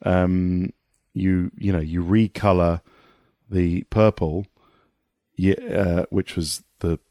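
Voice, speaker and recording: A man talking as a motorsport pundit guest in a casual podcast conversation, animated and rambling, with many restarts. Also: sits low, slow, no echo, studio quality.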